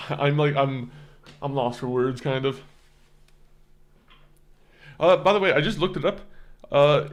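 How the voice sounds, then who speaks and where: A young man chatting casually with viewers on a live stream, rambling and often stammering and repeating words. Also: medium pitch.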